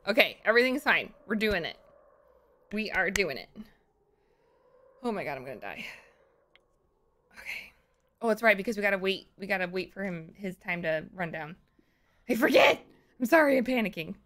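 A woman streaming a horror game, panicking out loud, swearing, repeating herself and dropping to whispers. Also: mid-range voice, very animated, moderate pace, long pauses. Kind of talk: live horror game commentary.

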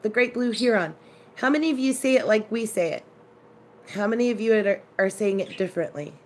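A woman's voice: medium pitch, expressive, a little fast, a little mellow, a little hiss or hum. Chatty woman live-streaming from home. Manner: chatty storyteller, greets viewers. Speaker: live-stream cooking host. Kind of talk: casual live-stream chat.

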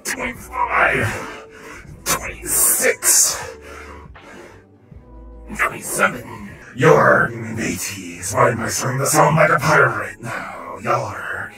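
A man roleplaying in a game voice chat, jumpy and prone to startled shouts. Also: mid-range voice, animated, takes it slowly, reverberant, far from the mic, music in the background.

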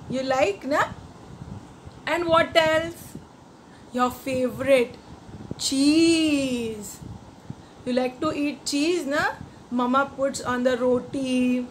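Slow sing-song Indian English teacher. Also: female voice, high-pitched, fairly bright tone, a little hiss or hum. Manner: slow, sing-song, coaxing questions to children. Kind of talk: children's rhyme lesson.

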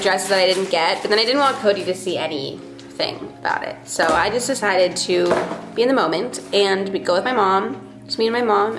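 A woman's voice: medium pitch, roomy sound. A woman in her late twenties, a vlogger talking casually and sarcastically to her camera, swearing freely. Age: late 20s. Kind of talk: casual vlog chat. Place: home and car.

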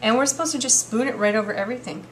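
A woman's voice: on the high side, racing, fairly bright tone, a little hiss or hum. A woman hosting a casual home cooking video, chatty and enthusiastic as she works in her kitchen.

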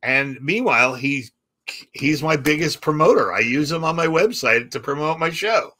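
A man's voice: fairly high pitch, lively intonation, moderate pace, pushed and bright. A man, a comedian, telling stories animatedly in a podcast chat and acting out other people's lines. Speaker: comedian and guest.

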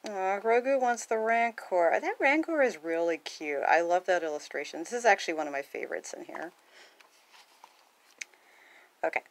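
A woman's voice: lowish voice, fairly quick, hardly any pauses. A woman casually reading a picture book aloud, chatting, laughing and gasping between pages. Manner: chatty, often laughs and gasps, lively character lines. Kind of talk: casual read-aloud with commentary.

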